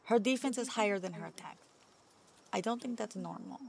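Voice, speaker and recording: A young adult woman streaming a game, excitable and swearing freely as she chats. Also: medium pitch, fairly quick, creaky, slight background noise. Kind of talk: casual gameplay chat.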